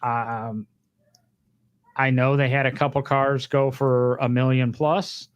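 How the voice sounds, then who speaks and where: A man's voice: medium pitch, flat delivery, slow pace, clear, resonant tone, no echo, lo-fi sound. A man co-hosting a podcast, chatting casually in a rambling way with fillers and joking asides. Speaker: podcast co-host. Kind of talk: casual chat.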